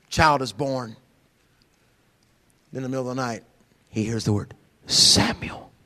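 A middle-aged man preaching a sermon in a church, animated and humorous, jumping from shouts to hushed whispers and acting out voices. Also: mid-range voice, in a large hall. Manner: acts out quoted voices with humor. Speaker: pastor. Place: church sanctuary.

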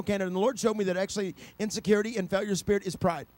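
A middle-aged man preaching a sermon, telling a personal story and rising to loud, passionate peaks. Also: high voice, very fast, no room sound.

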